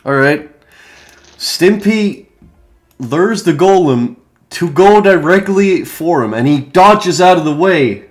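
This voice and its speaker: A man's voice: on the high side, expressive, measured pace. A man narrating as game master of a tabletop game, loose and profane, often restarting sentences.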